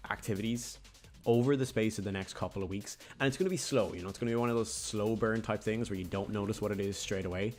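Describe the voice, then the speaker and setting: Low-voiced man rambling over gameplay. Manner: rambling, chatty, jokey asides. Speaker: gaming YouTuber. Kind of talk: casual gameplay commentary.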